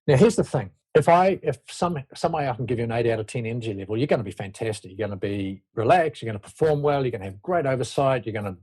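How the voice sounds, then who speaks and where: A man's voice: mid-range voice, fast talker, few pauses, a little mellow, husky. A man speaking as a leadership expert guest in an interview, explaining his ideas in a reflective, loose way and often restarting his sentences. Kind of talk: conversational interview talk.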